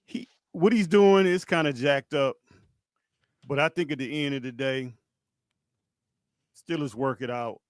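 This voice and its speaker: A man's voice: medium pitch, unhurried, long pauses, smooth, dry recording. A man with a mid-range voice lays out his view plainly on a sports podcast. The sound is dry, with no room around it. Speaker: podcast co-host. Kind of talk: casual sports debate.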